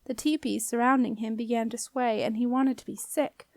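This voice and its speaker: A woman reading a children's fantasy novel aloud in an even, measured storytelling voice. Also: on the high side, dry recording. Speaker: audiobook reader. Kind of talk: audiobook narration.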